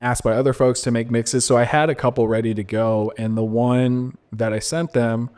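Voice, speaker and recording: Animated young man telling a story. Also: mid-range voice, normal speed. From San Diego. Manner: animated, laughing, many fillers and restarts. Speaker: guest DJ and producer. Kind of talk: casual storytelling interview.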